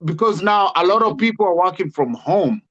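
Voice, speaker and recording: A man from Africa with an African accent, a guest on a live video call, telling stories in an animated way and acting out what he says to people. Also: sits high, moderate pace. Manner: animated storyteller, acts out his own quotes. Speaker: guest caller. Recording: muffled lo-fi call audio.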